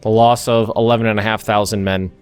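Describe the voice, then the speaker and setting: Speaking fairly quickly in a clean, level, lowish voice, a young American man hosts a let's play. He works through a strategy game aloud in a casual way, with many restarts and side remarks, over faint background music.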